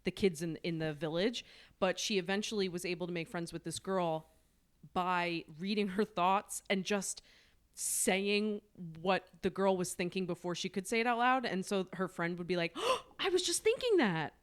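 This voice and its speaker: A woman co-hosting a casual book podcast, chatty and quick to laugh, often restarting her sentences. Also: fairly low pitch, fairly even intonation, clean tone. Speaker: podcast co-host.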